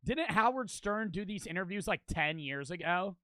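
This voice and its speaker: A man hosting a reaction video, talking in a rambling, excitable way and often laughing. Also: sits high, moderate pace, no room sound. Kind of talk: casual reaction commentary.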